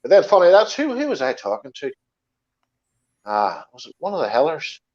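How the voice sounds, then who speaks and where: A man's voice: a little high, huge pitch swings, moderate pace, a little mellow. Chatty Northern Irish man, dull sound. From Northern Ireland. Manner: chatty, uses local words like aye and wee. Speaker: guest. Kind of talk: casual chat.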